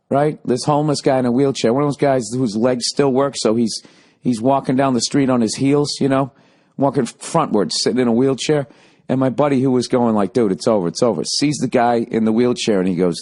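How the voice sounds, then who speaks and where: A man's voice: mid-range voice, darkish tone. Profane rambling storyteller man. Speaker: podcast host. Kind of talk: casual comic monologue.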